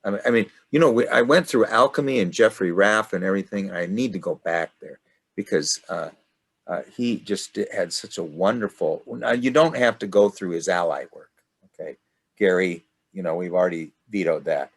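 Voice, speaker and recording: An older man leading a study group discussion, rambling and halting with many restarts. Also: deep voice, slightly rough.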